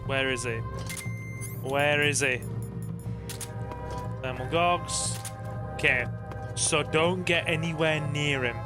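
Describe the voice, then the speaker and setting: A man chatting casually to viewers while streaming a game, rambling warmly and bursting into excited cheers. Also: on the high side, slow, pauses often, music in the background. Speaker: gaming streamer. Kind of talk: casual live-stream chat over gameplay.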